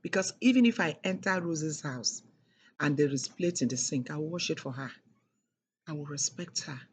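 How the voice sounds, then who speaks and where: A woman's voice: sits low, moderate pace, slight background noise. A middle-aged woman telling a personal story in an emphatic, repetitive way, leaning hard on key words. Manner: emphatic and repetitive, with heavy stresses. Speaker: speaker sharing a personal testimony.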